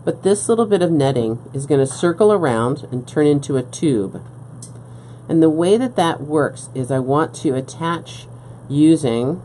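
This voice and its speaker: Her voice is low-pitched and warm, carrying a little hiss or hum, as she teaches beading on a live craft stream. Working from a table setup, the instructor explains each step patiently and regularly checks in with "okay?"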